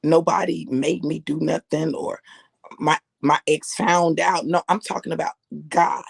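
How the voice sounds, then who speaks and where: A middle-aged woman preaching, her voice gravelly and husky. She talks conversationally, circling back and repeating phrases for emphasis. The recording is close and dry, with no room sound. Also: deep voice, steady tone, a little slow, no echo. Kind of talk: personal testimony sermon.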